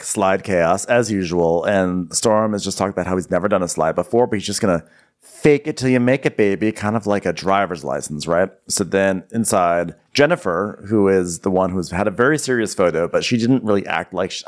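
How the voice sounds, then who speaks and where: A man's voice: low-pitched, fairly quick. A man co-hosting a podcast, chatting casually and doing campy voices when he quotes people. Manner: animated, puts on campy voices when quoting. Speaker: podcast co-host. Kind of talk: casual recap chat.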